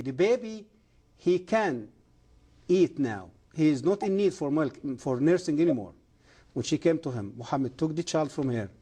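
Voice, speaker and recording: A man's voice: a little high, dark tone, slightly rough. Earnest man preaching. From Egypt. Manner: earnest, emphatic, halting non-native grammar. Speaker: guest. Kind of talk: testimony and preaching on a TV interview.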